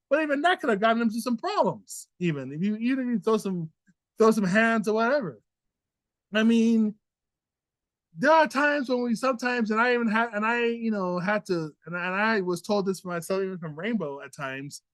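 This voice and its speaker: High-voiced man, earnest indignant commentary. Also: fairly bright tone, no echo. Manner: earnest and indignant, with many repeats and restarts. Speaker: commentary show host. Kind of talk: opinion commentary, casual monologue.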